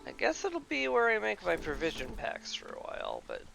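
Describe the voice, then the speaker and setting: A man's voice: sits high, wildly swooping pitch, brisk, gravelly, pushed and bright, soft background music. A man casually commenting on his gameplay as he plays, talking to himself and to the game with mock rants. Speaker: gameplay streamer.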